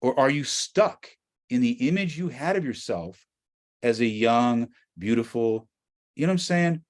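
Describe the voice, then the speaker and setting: Here a middle-aged American man from the United States, a guest speaker, tells animated stories in a mid-range voice at a measured pace. He goes from quiet asides up to near-shouts.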